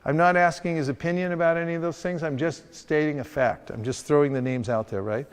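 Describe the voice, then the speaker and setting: A sales trainer with a clear, resonant, higher voice holds a steady tone at a fairly quick pace. Teaching a group hands-on, he playfully demonstrates street encounters, and the hall adds long reverb.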